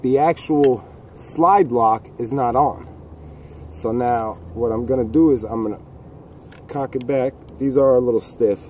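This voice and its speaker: Rambling man demonstrating outdoors, mellow voice. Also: mid-range voice, slight background noise. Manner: rambling, folksy, jokey asides. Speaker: gun video host. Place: outdoors in the cold.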